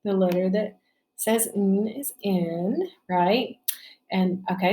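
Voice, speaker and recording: Slow patient woman teacher. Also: mid-range voice, darkish tone. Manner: patient, stretching out sounds, asking "right?". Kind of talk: slow spelling lesson for children.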